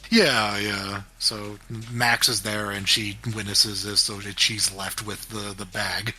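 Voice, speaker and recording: Male podcast co-host, bright tense tone, rambling casual recap. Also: on the low side, flat delivery, takes it slowly, husky. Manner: rambling, full of fillers and quoted voices. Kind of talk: casual chat recapping a cartoon.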